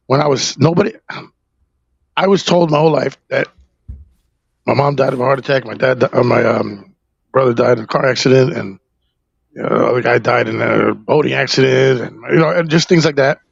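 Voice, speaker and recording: A man from New Jersey, a podcast guest, candidly recounting a personal story in a halting, rambling way full of fillers and profanity. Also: medium pitch, vocal fry, husky, no room sound, dull audio.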